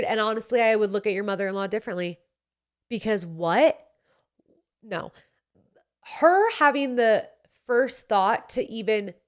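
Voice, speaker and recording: Speaking in a smooth, mid-range voice, this Utah-accented podcast host in her late twenties gives casual, no-nonsense advice with plenty of sass and swearing.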